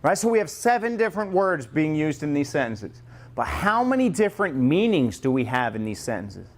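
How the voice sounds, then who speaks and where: A man runs a customer-service training class, his voice sitting a little higher than most men's. He speaks lively and jokes with the group, slipping into quoted customer voices to make his point. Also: fairly quick. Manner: lively, joking, acts out customer lines.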